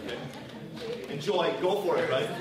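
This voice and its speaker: A man's voice: a little high, normal speed, crowd noise. A man teaching a marriage class as a rabbi, questioning and prompting his audience in an interactive lecture. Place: large synagogue hall with a packed audience. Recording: echoey hall from far off, audience noise.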